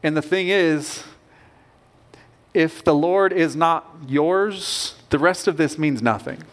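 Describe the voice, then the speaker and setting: A man's voice: fairly high pitch, takes it slowly. A man preaching a sermon as pastor, earnest and emphatic, with rising bursts of conviction.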